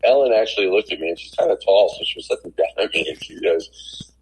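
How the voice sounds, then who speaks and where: A middle-aged man, a TV producer, telling lively anecdotes as a guest on a podcast. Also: low voice, quick pace, a little hiss or hum, poor audio. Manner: animated anecdotes with acted quotes. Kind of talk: casual storytelling in a podcast interview.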